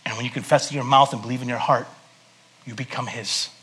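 Bright-voiced joking pastor. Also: male voice, medium pitch, fairly even intonation, quick pace. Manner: conversational and joking, swinging between loud bursts and hushed earnest tones. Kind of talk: sermon. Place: church service.

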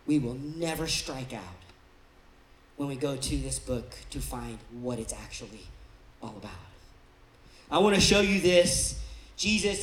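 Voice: medium pitch, a bit bright, roomy sound, slight background noise, rough recording. A pastor giving a sermon in a church in a conversational way, now and then acting out the voices of the people being described. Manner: conversational, acts out quoted people in different voices. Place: church auditorium.

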